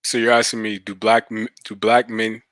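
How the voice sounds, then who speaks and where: A man calling into a debate stream, answering calmly and slowly with a sarcastic edge. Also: lowish voice, no room sound. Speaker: caller. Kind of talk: call-in debate.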